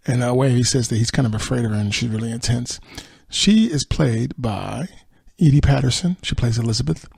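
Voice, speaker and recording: A man's voice: mid-range voice, fairly quick, creaky, a little mellow, husky, no room sound. A man hosting a podcast, recapping a TV episode in a rambling, casual way with fillers and chuckles. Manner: rambling retelling with fillers and laughs. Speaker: podcast host.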